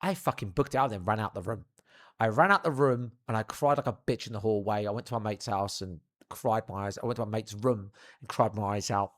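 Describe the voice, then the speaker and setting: A young man telling a funny childhood anecdote in an animated, profane, theatrical way. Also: on the low side, brisk. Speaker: storyteller. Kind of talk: comedic anecdote.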